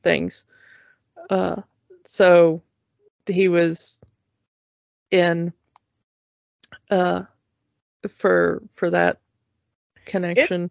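A woman co-hosting a podcast, talking casually in a slow, halting way with many fillers. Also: on the low side, level tone, vocal fry, dry recording, highs cut off. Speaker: podcast co-host. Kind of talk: casual chat.

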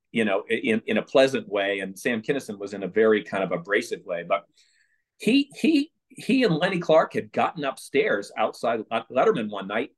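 A man telling anecdotes as an interview guest, his voice rising and falling through a wide, lively range. He acts out other people's lines and laughs as he goes. His pitch sits in the middle for a man. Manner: animated, laughs through stories, acts out quotes. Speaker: podcast guest, former page.

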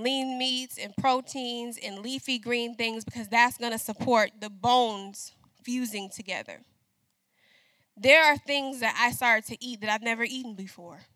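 A middle-aged woman preaches in a loose, talky way, turning often to the congregation for an answer. Her voice is bright and a little high. The sound is dry and close. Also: no room sound. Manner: conversational preaching, calls out to congregation. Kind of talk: sermon.

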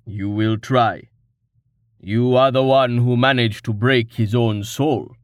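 A man voicing a gruff, stoic smith who speaks in slow, terse, rumbling sentences. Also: fairly even intonation, no room sound, studio quality, lightly acted. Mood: stern. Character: gruff stoic male smith, large and older.

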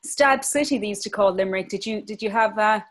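A woman's voice: mid-range voice, quick pace. A woman in her fifties with an Irish accent from County Clare, chatting as a podcast guest and telling stories. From Ireland. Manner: chatty, storytelling. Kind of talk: casual chat.

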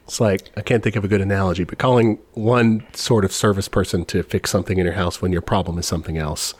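Low-voiced man, earnest rambling talk. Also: fairly even intonation, fast talker, slightly rough, no echo. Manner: earnest, rambling, many restarts. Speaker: podcast co-host. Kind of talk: casual political chat.

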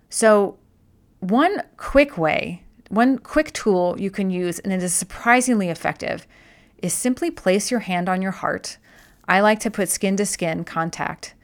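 A woman's voice: lowish voice, creaky. A woman speaking as a wellness host in a casual explanatory talk, conversational, often restarting and repeating words.

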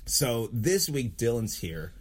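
A man's voice: mid-range voice, sing-song, slow. A man hosting a podcast in casual chat, swearing freely and laughing through rambling banter. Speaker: podcast host.

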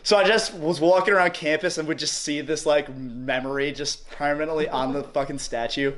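A man's voice: fairly high pitch, fairly even intonation, a little fast, fairly bright tone. A young man with a New York accent telling a rowdy story in casual chat, rambling, cursing and laughing often. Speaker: podcast guest.

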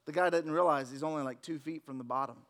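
Man, pastor, high voice, church sermon, storytelling. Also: fast talker, a bit bright. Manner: storytelling, acts out voices in anecdotes. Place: church sanctuary.

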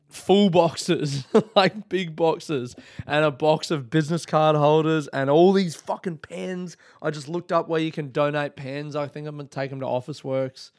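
A young man with an Australian accent talks alone into his podcast mic, loose and rambling, cheerful and swearing as he goes. His voice sits a little high for a man and sounds smooth and clean. The recording is close and dry, with no room sound. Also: no room sound. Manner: swears freely, rambling and upbeat. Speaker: podcast host. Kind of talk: casual solo podcast chat.

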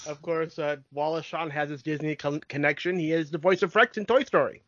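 Calm co-host, dry, dull sound. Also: mid-range voice, a little fast, no room sound. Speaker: podcast co-host. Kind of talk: casual chat about a cartoon film.

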